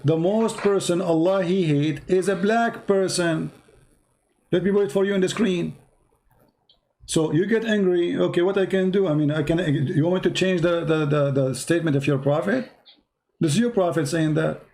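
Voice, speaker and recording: A man leads a heated call-in debate, pressing his caller again and again. His voice sits a little high but sounds dark and mellow. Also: moderate pace. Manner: insistent, challenging, repeats phrases.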